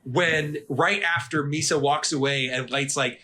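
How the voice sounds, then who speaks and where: A man co-hosting an anime podcast in casual chat, animated and swearing, acting out characters' lines. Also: fairly high pitch, measured pace. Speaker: podcast co-host.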